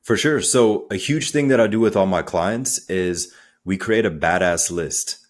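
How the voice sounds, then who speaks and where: A man speaking as a coach in a podcast interview, energetic and conversational, acting out little quotes as he talks. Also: low-pitched, unhurried. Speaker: guest, transformational coach.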